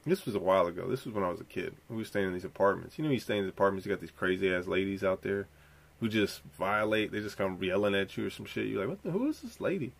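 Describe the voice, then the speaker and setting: A man's voice: low voice, fairly even intonation, fast, gravelly. A young man hosting a podcast, rambling and profane as he reacts to clips and tells a story. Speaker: podcast host. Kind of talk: casual commentary reacting to clips.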